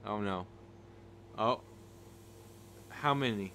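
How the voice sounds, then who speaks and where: A man's voice: lowish voice, very slow, sharp tone, slight background noise. A man hosting a casual livestream from a room at home on a desk microphone, rambling with restarts and thanking viewers by name. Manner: rambling, with many restarts and fillers. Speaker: livestream host. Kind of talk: casual live-stream chat. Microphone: desk microphone with a level meter.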